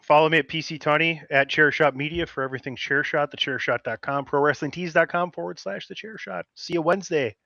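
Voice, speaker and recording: A man co-hosting a podcast, quickly plugging his handles in casual chat. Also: on the high side, creaky, bright, forceful tone, dry recording. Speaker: podcast co-host. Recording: dull, dry, muffled audio.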